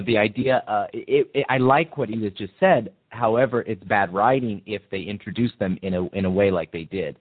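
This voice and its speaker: A man's voice: fairly low pitch, dry recording. A man calling in to a show, starting hesitantly and then arguing his point firmly. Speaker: caller. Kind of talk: casual call-in chat. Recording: tinny phone line.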